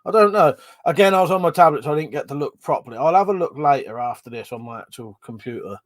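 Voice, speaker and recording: A man's voice: fairly high pitch, animated, quick pace. A man hosting a casual live stream, reading out chat comments, rambling and swearing, short of breath and yawning. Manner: chatty, swearing, reads chat aloud and rambles.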